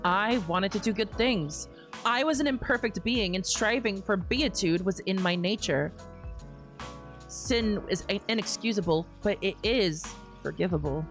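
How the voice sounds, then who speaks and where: A young adult woman streaming a game, reading the narration steadily between loud, laughing, swearing reactions. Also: medium pitch, normal speed, faint music behind.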